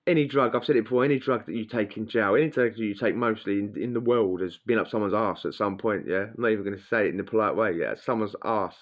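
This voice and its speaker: A man's voice: on the low side, fast, few pauses. A man telling a blunt, crude prison story in casual slang, acting out what people said. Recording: dull lo-fi sound.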